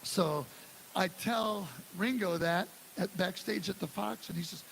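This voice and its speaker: Gravelly high-voiced man in his sixties. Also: a little slow. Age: 60s. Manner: animated storyteller who acts out quotes and scats drum parts. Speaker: guest drummer giving a clinic. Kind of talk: live clinic talk and storytelling. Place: music store clinic before an audience. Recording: live room with steady hiss.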